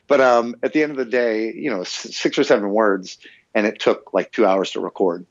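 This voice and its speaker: A middle-aged man, a guest in an interview, telling animated anecdotes and acting out the voices of people in them. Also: fairly low pitch, moderate pace, no room sound. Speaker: guest, former game localizer and voice actor. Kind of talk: casual storytelling interview. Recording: dull, slightly muffled dry sound.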